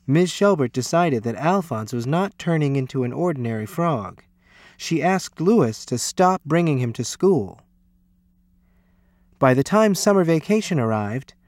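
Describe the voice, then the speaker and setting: A man reading a children's storybook aloud in an expressive, animated way. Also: fairly high pitch, unhurried, dry recording.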